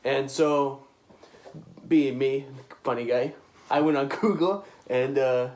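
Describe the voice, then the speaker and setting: A young man co-hosting a podcast, telling a high-school story in a jokey, giggling way. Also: fairly even intonation, takes it slowly, darkish tone, a little hiss or hum. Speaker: podcast co-host. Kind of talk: casual chat.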